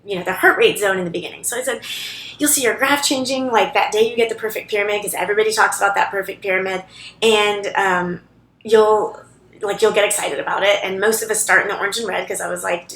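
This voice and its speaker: A woman's voice: mid-range voice, fast, fairly bright tone. A woman chatting casually to camera in a rambling way, with lots of fillers and restarts, recorded in a co-working office library. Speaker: vlogger. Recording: echoey room.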